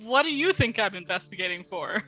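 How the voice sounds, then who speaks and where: A woman playing in a tabletop game, brisk and amused. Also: medium pitch, lively intonation, sharp tone, highs cut off, faint music behind. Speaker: player. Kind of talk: casual tabletop play.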